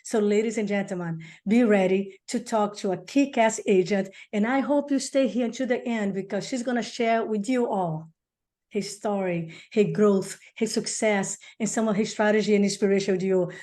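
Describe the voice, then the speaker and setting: A woman's voice: medium pitch, normal speed, dark tone. A woman real estate coach hosting an interview, effusive and emphatic, telling stories about her client. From outside the US.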